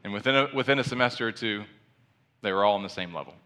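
A man preaching a sermon in a conversational, animated way, with asides to the congregation. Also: on the low side, quick pace, smooth. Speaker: pastor.

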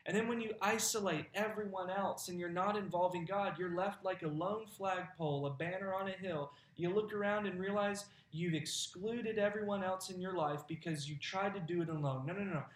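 A man's voice: high-pitched, normal speed, few pauses, roomy sound. A man preaching a sermon as pastor, conversational and folksy, laughing now and then.

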